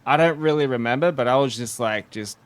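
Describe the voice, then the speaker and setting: A man's voice: medium pitch, brisk, a crowd in the background. A man hosts a podcast in an easy, laid-back way, chatting with enthusiasm and dropping casual words like man and dude. His voice sits in a middle register. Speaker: podcast host.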